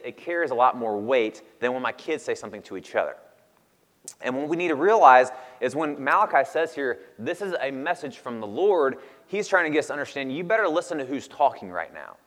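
A man in his thirties delivers a laid-back, conversational sermon in a medium-pitched voice. His speech carries a long reverb tail from a large hall. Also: big pitch swings, fairly quick, a bit bright. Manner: casual, conversational, laughs often. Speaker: pastor.

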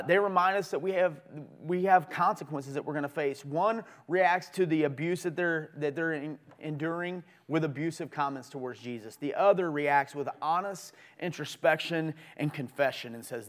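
A middle-aged man preaching a sermon as pastor, earnest and conversational, with lively swings in pitch and loudness.

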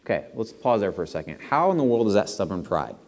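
A man delivering a sermon in a church sanctuary, his lowish voice carrying with a long, lingering reverb. He speaks earnestly and pushes into animated emphasis on his key points. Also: fast. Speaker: pastor.

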